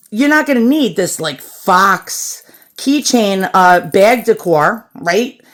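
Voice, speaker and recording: Blunt, profane woman ranting. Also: medium pitch. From United States. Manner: blunt and profane, addresses viewers as "boys and girls". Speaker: shopping vlogger. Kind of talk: casual ranting chat to camera.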